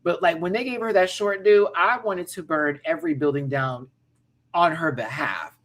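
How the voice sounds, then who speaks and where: A man's voice: on the high side, moderate pace, fairly bright tone. A man in his thirties hosting a casual pop-culture rant, sassy and campy with frequent laughs. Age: 30s. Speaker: host.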